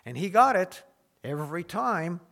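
A man's voice: sits high, very animated, unhurried, vocal fry, bright, forceful tone. A man preaching a sermon in a conversational teaching manner, retelling scripture in everyday words. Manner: conversational teaching, with small restarts and paraphrased quotes.

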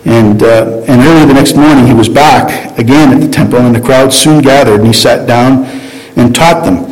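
A man's voice: mid-range voice, normal speed, a little mellow, long reverb tail, rough recording. A man giving an informal Bible teaching, talking conversationally with frequent restarts and self-corrections.

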